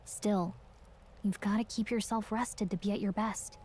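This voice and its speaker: An actress playing an earnest, caring young companion in a video game, talking in an encouraging, conversational way. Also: female voice, mid-range voice, steady tone, a little slow, a little mellow, slightly rough. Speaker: game character.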